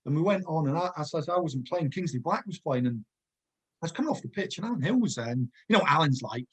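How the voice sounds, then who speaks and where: A man's voice: on the high side, lively intonation, quick pace, husky. A man, a former footballer telling rambling anecdotes in a casual chat. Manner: rambling anecdotes, digresses, laughs often.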